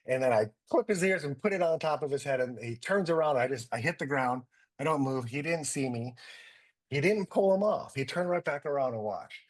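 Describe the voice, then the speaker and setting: A middle-aged man, a doctor, telling lively anecdotes and acting out what people said. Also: medium pitch, fairly quick. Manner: animated anecdotes, acting out quotes. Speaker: guest doctor. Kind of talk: storytelling in a talk.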